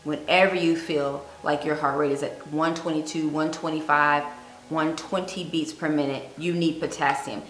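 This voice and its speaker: A woman giving earnest fasting advice on her vlog, telling a personal story and repeating points for emphasis. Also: low voice, fairly even intonation. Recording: echoey room with faint music.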